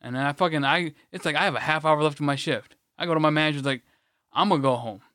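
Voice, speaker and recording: A man's voice: a little high, fairly even intonation, fast, bright, forceful tone, clear, resonant tone, no room sound, studio quality. A man co-hosting a podcast, telling a rambling, blunt story in casual chat, swearing freely and restarting his sentences. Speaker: podcast co-host.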